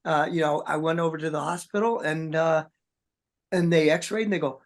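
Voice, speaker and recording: In a relaxed interview, a man who plays drums in a rock band chats away as a rambling storyteller, dropping "man" and "dude" constantly. He speaks at a moderate pace in a voice on the high side.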